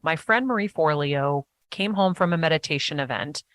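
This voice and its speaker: Woman guest chatting eagerly in an interview, lowish voice, dry and close. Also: dry recording. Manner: eager, animated storytelling with quick restarts. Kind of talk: casual interview chat.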